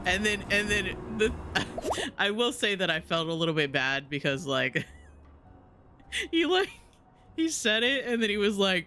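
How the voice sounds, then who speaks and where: Here a man streams a game in a high, sing-song, pushed and bright voice, speaking a little slowly with long pauses. He rambles giggly and casual, leaning on fillers and frequent restarts, while background music plays.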